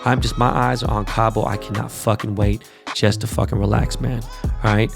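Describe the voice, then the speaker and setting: Gravelly, profane male podcast host. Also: lowish voice, moderate pace, music in the background. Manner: profane, animated sports rant. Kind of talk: casual podcast rant.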